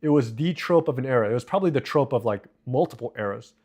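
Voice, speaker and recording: Reading and replying to comments from his viewers, a man live streams in a casual, rambling, profane way, tossing in quick asides. His voice is medium-pitched, expressive, and darkish in tone.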